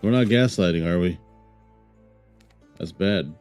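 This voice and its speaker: A man's voice: low voice, measured pace, darkish tone, soft background music. A man streaming a game, joking and rambling casually while reading game text aloud. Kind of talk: casual let's-play commentary.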